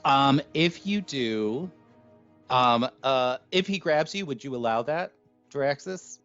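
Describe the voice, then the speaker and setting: A man's voice: mid-range voice, expressive, slow, fairly bright tone, clean tone. Man running a tabletop game. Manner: hesitant, filler-heavy rulings. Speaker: game master. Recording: dull lo-fi stream audio with faint music.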